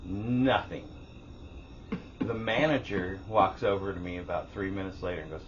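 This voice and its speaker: Speaking at a moderate pace in a low voice, this man co-hosts a podcast and spins a story in relaxed conversation, voicing the people involved and cursing freely. The recording is dull and lo-fi, carrying a faint hiss.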